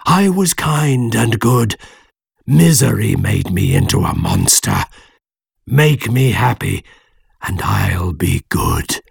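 A huge, lonely monster, as a male narrator puts him on speaks slowly and pleadingly, each phrase drawn out with a hint of threat. The voice is low, gravelly and husky, and it swings widely in pitch. It is a storybook character read aloud in a dry, close recording. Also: sing-song, dry recording, heavily acted. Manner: slow, drawn-out pleading delivery. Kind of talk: audiobook character voice.

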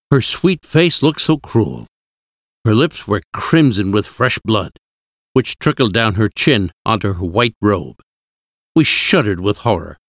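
A man narrates a storybook with a lowish voice at an unhurried, measured pace. The recording is dry and close, with no room sound. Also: fairly bright tone, no room sound. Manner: slow, measured, clear reading.

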